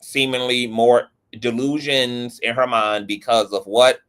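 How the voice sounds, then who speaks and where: Male vlogger with a mid-pitched voice, blunt and profane, commenting on gossip. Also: fairly even intonation, a little slow, a bit bright, smooth. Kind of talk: casual commentary.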